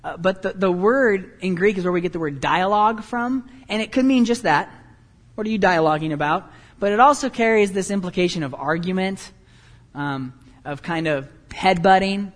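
Male pastor, high voice, lively self-mocking storyteller in the pulpit. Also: in a large hall. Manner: animated, self-deprecating storytelling with quick asides. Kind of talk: sermon.

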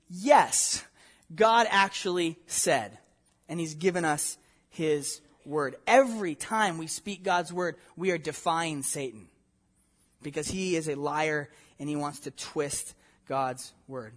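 High-voiced man preaching earnestly. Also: measured pace. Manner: earnest, emphatic preaching with rhetorical questions. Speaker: pastor. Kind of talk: sermon.

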